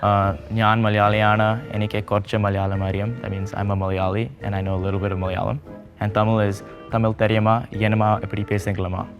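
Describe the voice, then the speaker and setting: A man's voice: fairly low pitch, level tone, fast talker, music in the background. A man raised in India and born in the US, chatting casually and joking in a group discussion. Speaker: panel participant.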